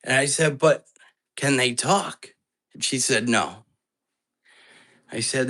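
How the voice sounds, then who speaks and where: A man's voice: medium pitch, a little slow, pauses often, fairly bright tone, low-quality recording. A man hosting a live ghost-hunting stream, telling a story in a casual, earnest and anxious way, with many restarts as he rambles. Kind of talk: casual storytelling retelling a phone call.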